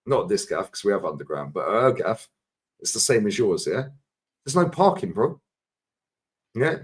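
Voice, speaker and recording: A man in casual chat, animated, swearing and saying "bro" and "yeah" often. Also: lowish voice, normal speed, breathy edge.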